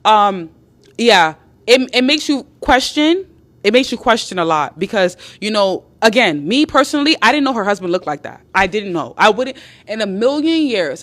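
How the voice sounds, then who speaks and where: A woman's voice: medium pitch, a bit bright. A woman hosting a live stream, chatting with viewers and reading out their comments, speaking bluntly, swearing freely, and repeating herself for emphasis.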